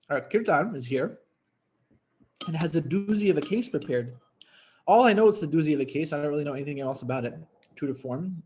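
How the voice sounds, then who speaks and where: A man hosting a clinical case conference on a video call, talking in a chatty, lively way and thinking aloud with fillers. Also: a little high, brisk, a little hiss or hum. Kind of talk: casual, talkative teaching.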